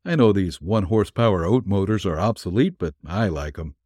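Low, husky wry male storyteller. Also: lively intonation, a little fast, darkish tone, dry recording, clean studio sound. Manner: wry, hard-boiled first-person storytelling. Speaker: narrator. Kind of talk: reading a vintage pulp story aloud.

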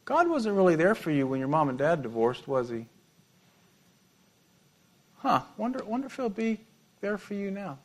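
A preacher voicing a sly male serpent who tempts with low, quiet, insinuating questions. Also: big pitch swings, normal speed, long pauses. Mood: mocking.

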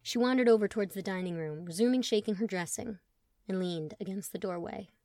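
A woman narrating a story audiobook in an expressive, wry manner. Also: medium pitch, brisk, dry recording, studio quality.

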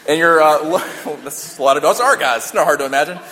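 A man's voice: on the high side, expressive, fast talker, pushed and bright. A man preaching a sermon in a conversational way, repeating key lines for emphasis and joking along the way. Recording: long hall reverb.

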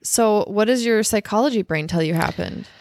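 A woman's voice: medium pitch, moderate pace, darkish tone, no echo. A woman co-hosting a podcast in casual chat, reacting readily and swearing freely as she tells stories. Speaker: podcast co-host.

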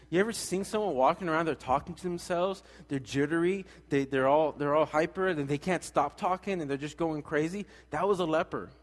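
A young man preaching a sermon in a casual, animated way, full of slang and acted-out voices. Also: fairly high pitch. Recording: long hall reverb.

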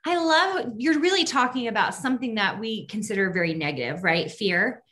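Woman interviewer, lively pitch, bright tone, chatty filler-heavy questions. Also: moderate pace. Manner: animated, peppered with "like". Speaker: podcast host.

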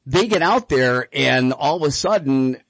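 A man hosting a radio call-in show about dog training, telling stories in an animated, chatty way. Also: medium pitch, unhurried, no echo.

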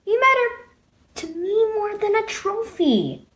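A woman voicing a gentle, loving father who speaks softly and reassuringly in a children's storybook reading. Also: very high-pitched, sing-song, a little slow, pitched above the performer's own voice, heavily acted. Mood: tender. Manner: soft, reassuring.

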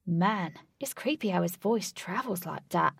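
A woman's voice: fairly low pitch, lively intonation, a little slow, gravelly, slightly rough, no echo, studio quality, recorded from a distance, full character voice. A woman voicing a loyal, streetwise young male brawler who talks casually and insistently in a storybook reading.

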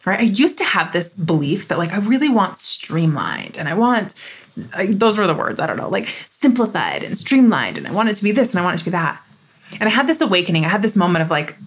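A woman's voice: medium pitch, sing-song, fast, husky. A woman in her thirties hosting a solo podcast, talking in an emphatic, fired-up and candid way. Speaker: podcast host.

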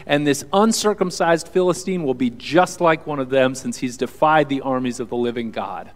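A man's voice: medium pitch, normal speed, few pauses, in a large hall. Plainspoken man preaching a sermon. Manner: earnest, plainspoken, conversational preaching. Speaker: pastor. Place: church hall with audience.

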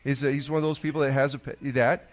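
A man, a pastor giving a conversational sermon that swings between loud emphasis and hushed asides. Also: medium pitch, flat delivery, fast talker.

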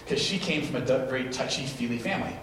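A man preaching a sermon, animated as he acts out what people said. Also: mid-range voice, fast talker. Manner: animated storytelling, acts out quotes. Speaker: pastor. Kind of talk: sermon with live demonstration. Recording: echoey hall, distant mic, noisy.

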